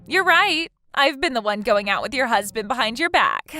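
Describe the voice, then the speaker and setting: A woman's voice: a little high, lively intonation, moderate pace, bright, forceful tone, soft background music. A woman voicing Brandy, gloating husband-stealer. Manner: taunting, gloating, laughs mockingly. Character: smug scheming woman who stole her friend's husband. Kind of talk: text message story dialogue.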